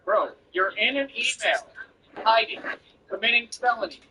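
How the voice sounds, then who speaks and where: A man's voice: high voice, animated, normal speed, sharp tone, slight background noise, rough recording. A man streaming while he delivers a confrontational, boastful rant at an online critic.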